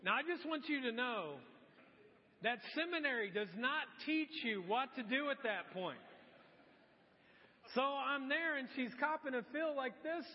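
A man's voice: very high voice, expressive, measured pace, a little hiss or hum. A man preaching a sermon as pastor, telling stories in an earnest, conversational way. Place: church sanctuary. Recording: dull sound in a large reverberant hall.

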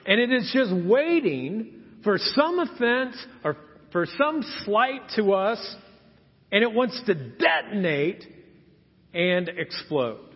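Muffled and echoing through a reverberant church hall, a pastor in his fifties delivers a sermon from the sanctuary. His voice is high and breathy, and he takes it slowly. He tells animated stories, acting out people's quotes.

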